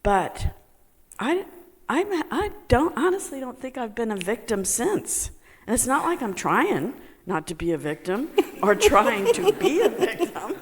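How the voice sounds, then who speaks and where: A woman telling a personal story to a group, halting with many fillers and laughing as she talks. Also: fairly high pitch, very animated, slightly rough, in a large hall. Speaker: meditation student sharing a testimony.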